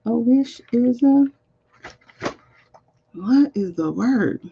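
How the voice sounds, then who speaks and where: A woman's voice: fairly high pitch, expressive, very slow, vocal fry, warm tone, muffled recording, slight background noise. A woman reading cards on a live stream, chatting casually and muttering to herself while she sorts out links. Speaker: live card reader. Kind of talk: casual livestream chat.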